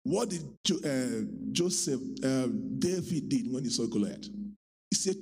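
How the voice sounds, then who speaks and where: A man pastor preaching a sermon, swinging between low talk and high, shouted, sung-out lines. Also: animated, unhurried, noisy background.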